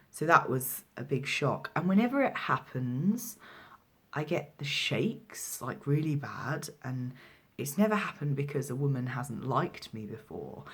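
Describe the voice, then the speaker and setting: A man's voice: mid-range voice, slightly rough. Trans man telling a personal story. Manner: hesitant, many fillers and restarts. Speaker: midwife and vlogger. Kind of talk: casual personal storytelling to camera.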